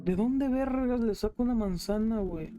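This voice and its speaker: A man's voice: very high-pitched, fairly quick, noisy background. A man with a Mexican Spanish accent giving crude, joking commentary while he plays a video game. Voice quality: crude, joking, talks to himself. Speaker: gameplay streamer. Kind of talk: casual gameplay commentary.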